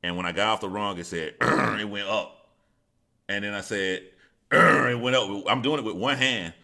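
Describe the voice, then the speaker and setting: A man's voice: on the low side, moderate pace, creaky, bright, forceful tone. A man hosting a live stream, telling stories in a casual, profane, rambling way and reading out viewer chat.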